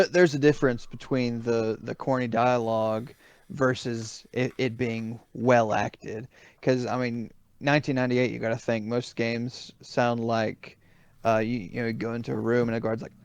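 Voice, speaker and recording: A man's voice: mid-range voice, flat delivery, moderate pace, clear, resonant tone, no room sound. A man co-hosting a gaming podcast, talking casually and thoughtfully with fillers and restarts. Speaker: podcast co-host.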